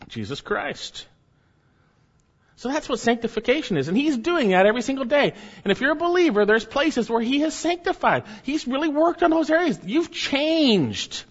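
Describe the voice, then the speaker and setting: A man's voice: high-pitched, fairly bright tone, in a large hall, lo-fi sound. A man preaching a sermon emphatically, swelling up and then dropping to near murmurs. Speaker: pastor.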